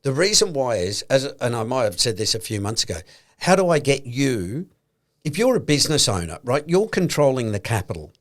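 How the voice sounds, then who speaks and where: A man's voice: medium pitch, very animated, fairly quick. Australian man explaining finance casually. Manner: explains points through acted-out hypothetical conversations. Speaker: podcast co-host. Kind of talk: casual chat.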